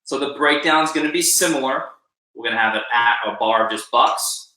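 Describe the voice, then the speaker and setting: A percussion instructor runs a live online drum lesson, counting beats out loud and cheering on his students. His voice is medium-pitched and brisk, with background noise. The room echoes, and drumming can be heard behind him.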